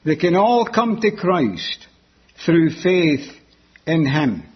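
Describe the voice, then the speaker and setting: Preacher guy giving a sermon, slow and emphatic, lively high voice, kinda husky, lo-fi sound. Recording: dull lo-fi sermon recording.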